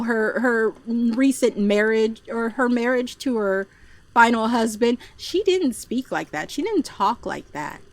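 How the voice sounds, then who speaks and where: A woman streamer telling stories in a casual, animated chat, often acting out the voices of the people she quotes. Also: a little high, no echo. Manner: animated, puts on voices when quoting people; chatty, frequent fillers and restarts. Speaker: VTuber streamer.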